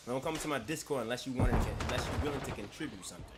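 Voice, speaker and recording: A man's voice: medium pitch, rapid-fire, loud music behind the voice. A man ranting and telling stories on a live stream, brash, mocking and laughing at his own jokes.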